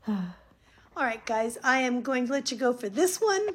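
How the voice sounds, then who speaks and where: A woman vlogging at home while recovering from surgery, talking casually to the camera, sometimes gushing and sometimes dropping soft and low. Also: takes it slowly, breathy edge. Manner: chatty, gushing when excited, soft and low when tired. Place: home schoolroom, indoors.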